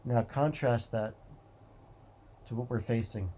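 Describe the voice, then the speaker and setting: A man hosting a motivational talk, speaking in a calm, reflective way with slow, repeated phrases. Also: medium pitch, a little hiss or hum. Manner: calm, repetitive, drawn-out phrasing. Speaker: host.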